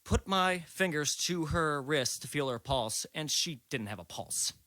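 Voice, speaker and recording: A man's voice: a little high, lively intonation, a little slow, bright, forceful tone, dry recording. A man in his late twenties telling a story in a loose, rambling way, swearing freely, as a podcast guest. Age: late 20s. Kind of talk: casual storytelling.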